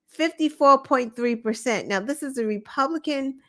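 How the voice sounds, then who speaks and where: Chatty sarcastic woman, fairly high voice. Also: moderate pace, a bit bright. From United States. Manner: chatty and sarcastic, with filler words. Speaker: show host. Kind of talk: casual political commentary.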